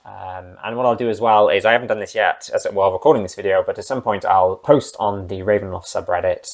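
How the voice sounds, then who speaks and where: Low-voiced man chatting about his game. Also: fairly even intonation, fast. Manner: chatty and rambling, with asides. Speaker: game master and channel host. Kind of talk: casual talk about a tabletop game character.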